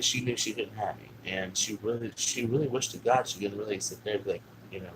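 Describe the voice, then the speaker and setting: A man's voice: fairly low pitch, noisy background. A man telling a long personal story in a casual, rambling way, swearing constantly and leaning on fillers. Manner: rambling and heavily profane, with lots of fillers. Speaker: vlogger.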